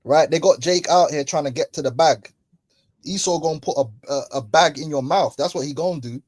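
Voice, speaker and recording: A man preaching in loose street slang, mocking his listeners and laughing between points. His voice sits a little high, and the sound is close and dry with no room. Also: brisk, no echo. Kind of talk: casual religious commentary. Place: London.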